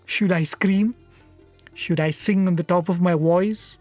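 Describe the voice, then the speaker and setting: A man from India speaking at a satsang, telling a devotional story in an unhurried, reflective way with frequent pauses. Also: high-pitched, fairly even intonation, a little mellow, no room sound, soft background music.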